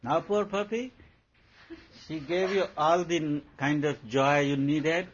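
A man's voice: a little high, steady tone, slow, slight background noise. A man giving a spiritual talk, asking probing rhetorical questions and telling playful anecdotes. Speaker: spiritual teacher. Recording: dull lo-fi recording.

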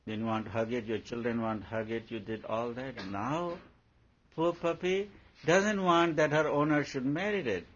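A man's voice: mid-range voice, normal speed, a bit bright. A man, a spiritual teacher talking to followers in a playful, laughing way, acting out everyday scenes. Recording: dull lo-fi recording, faint background hum.

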